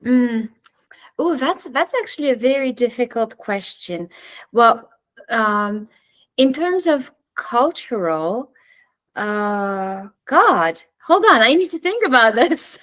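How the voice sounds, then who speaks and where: A woman's voice: a little high, big pitch swings, takes it slowly, fairly bright tone, poor audio. French woman chatting as guest teacher. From France. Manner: chatty, thinks aloud with frequent restarts. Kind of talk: casual teaching chat. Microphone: video call.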